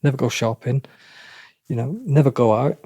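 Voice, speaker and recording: A middle-aged man with a halting way of talking, often restarting and repeating himself as he tells a personal story in an interview. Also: mid-range voice, mellow, husky, dry recording, studio quality. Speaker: interview guest. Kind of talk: emotional personal account.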